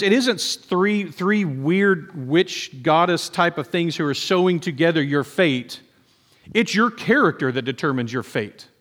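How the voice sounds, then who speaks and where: A man's voice: on the high side, a bit bright. A man preaching a sermon in a conversational way, often acting out quoted voices. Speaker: pastor. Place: church sanctuary. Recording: long hall reverb.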